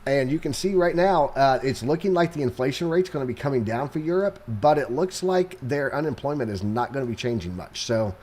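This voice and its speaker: A man's voice: mid-range voice, expressive, brisk, few pauses, a little mellow. A young adult man, co-host on a live market stream, running through the economic calendar in a loose, casual way with sarcastic jokes and plenty of fillers. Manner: loose and joking, sarcastic asides, many fillers.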